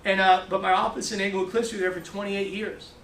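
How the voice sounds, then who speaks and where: A man giving an animated training talk to a room, storytelling and repeating his words. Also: high voice, fast, slight background noise. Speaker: financial services trainer. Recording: echoey room from far off.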